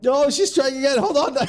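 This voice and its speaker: A man with a higher voice streams live commentary on a community video game tournament, with background noise audible. He often dissolves into giggling fits, and when flustered he trips over his words and restarts.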